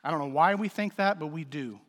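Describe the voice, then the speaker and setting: A man's voice: a little high, a little fast. A man preaching a sermon as pastor, conversational and joking, with sudden emphatic swells. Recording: reverberant hall.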